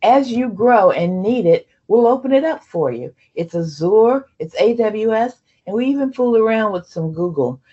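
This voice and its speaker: A woman's voice: fairly high pitch, expressive, normal speed, few pauses, husky. Woman presenter, program leader, loose chatty delivery full of fillers, slightly dull audio. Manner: conversational, many fillers and restarts. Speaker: program leader addressing trainees. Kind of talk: onboarding presentation.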